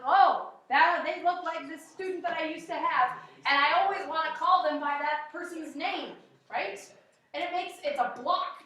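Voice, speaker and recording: High bright teacher in echoey classroom. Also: female voice, far from the mic. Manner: conversational, frequent "okay?" check-ins. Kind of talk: classroom lecture.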